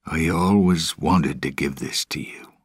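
A man reading the part of a weary old pirate father, quiet and resigned, in a storybook reading. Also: rumbling low, unhurried, husky, no echo, studio quality, heavily acted.

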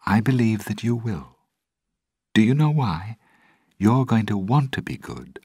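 Casual: guy reading as a prim young woman, earnest, pitched up, dry close sound. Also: animated, a little slow, mellow, husky, dry recording, full character voice. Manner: earnest, reproachful, raised higher. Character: young woman, proper and principled.

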